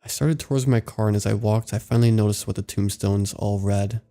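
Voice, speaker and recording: Gravelly low-voiced male horror narrator. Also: steady tone, brisk, dark tone, faint music behind. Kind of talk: scripted horror story narration.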